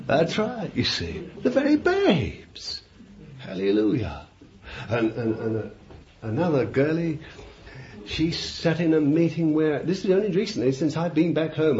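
An older man with an East London Cockney accent, preaching a sermon and telling stories, bursting into loud commands at the devil and chuckling as he goes. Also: on the high side. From England. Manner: animated, shouts commands at the devil, chuckles through anecdotes. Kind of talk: sermon with storytelling. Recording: dull lo-fi recording with faint hiss.

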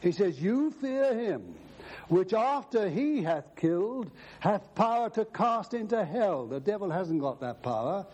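A man's voice: sits high, big pitch swings, measured pace, darkish tone, breathy edge. A man preaching a sermon, emphatic, quoting scripture at length.

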